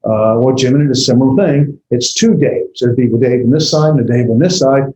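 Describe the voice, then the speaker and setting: A man's voice: medium pitch, fairly quick, warm tone, a little hiss or hum. Tired man lecturing in an echoey room. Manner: rambling, many fillers and restarts. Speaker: instructor. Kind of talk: classroom lecture.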